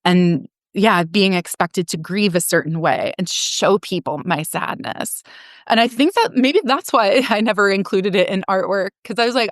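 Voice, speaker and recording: A woman's voice: mid-range voice, moderate pace, no room sound, clean studio sound. A woman in her forties, a podcast guest telling her own story frankly, with frequent laughs and casual swearing. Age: 40s. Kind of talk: candid personal storytelling.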